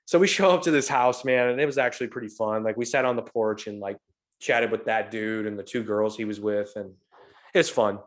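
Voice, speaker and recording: Animated storytelling podcast man. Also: on the low side, a little fast. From St. Louis, USA. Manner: animated, profane, acts out quotes. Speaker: podcast host. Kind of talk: casual storytelling chat.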